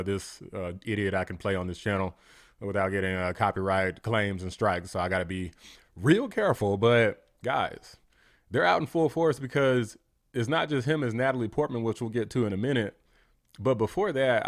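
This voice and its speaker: A man hosting a reaction commentary, ranting and mocking in a blunt, heated way. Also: medium pitch. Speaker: political commentary host.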